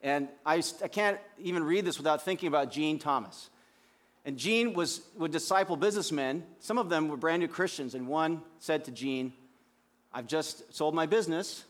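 A man's voice: a little high, moderate pace. A man preaching a sermon as pastor, speaking conversationally with frequent restarts.

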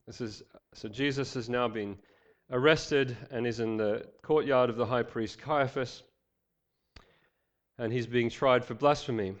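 A man's voice: medium pitch, fairly even intonation, unhurried, highs cut off. A male pastor preaching a sermon, reading scripture with voiced quotes and joking asides.

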